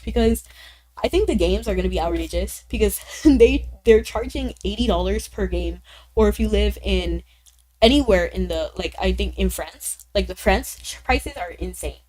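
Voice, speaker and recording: A chatty woman streamer talking casually to her viewers, her voice a little altered because she is sick. She rambles in loose run-on sentences with small laughs, at a middling pitch for a woman. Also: lively intonation, normal speed, a little mellow. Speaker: livestreamer. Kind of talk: casual stream chat reading viewer comments.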